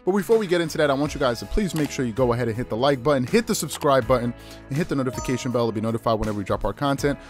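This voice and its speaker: A man hosting a sports talk show, chatting casually with quick, repetitive restarts. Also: mid-range voice, expressive, faint music behind. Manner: fast, chatty, repeats and restarts phrases. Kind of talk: casual sports commentary monologue.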